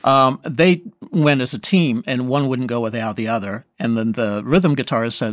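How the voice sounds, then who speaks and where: A man's voice: medium pitch, moderate pace, few pauses, dry recording, studio quality. Self-deprecating man telling a rambling story. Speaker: guest musician, saxophonist. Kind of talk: anecdotal storytelling in conversation.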